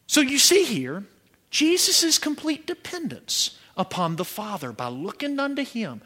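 A man from preaching a sermon, telling stories with animation and breaking into shouts. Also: very high voice, unhurried, husky. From Georgia, USA. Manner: animated storytelling, bursts into shouting.

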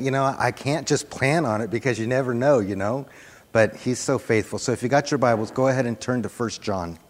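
A man preaching a sermon, soft-spoken and earnest, repeating phrases for emphasis, into a microphone on a church sound system. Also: medium pitch. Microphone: handheld or stand microphone on a PA. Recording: long hall reverb.

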